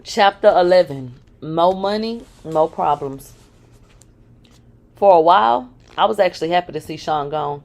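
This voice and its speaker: In a fairly low voice, a woman reads her first-person memoir aloud without hurrying. She's frank throughout and keeps interrupting herself with dry, sarcastic asides.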